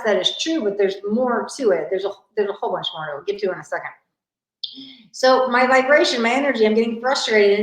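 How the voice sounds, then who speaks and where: Chatty woman coach in an echoey room. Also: fairly high pitch. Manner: chatty, frequent "like" fillers and restarts. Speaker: money mindset coach. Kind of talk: casual live masterclass talk. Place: sparsely furnished new home, echoey.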